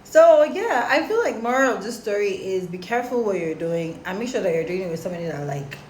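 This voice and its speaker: A young woman telling a story casually to her followers, animated and slangy. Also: mid-range voice, fairly quick, slight background noise. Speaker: storytime vlogger. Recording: roomy echo, faint background.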